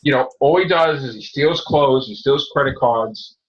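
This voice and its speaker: A man hosting a casual podcast, rambling excitedly about comic books and swearing freely as he retells scenes. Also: medium pitch, moderate pace. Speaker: podcast host. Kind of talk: casual comic book chat. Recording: dull lo-fi recording.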